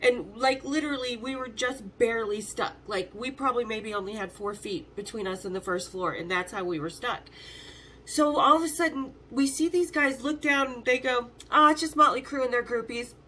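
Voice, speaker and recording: High-voiced woman telling wild stories. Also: normal speed, slight background noise. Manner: animated, swears freely, acts out every voice. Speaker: host telling rock stories. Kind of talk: casual storytelling.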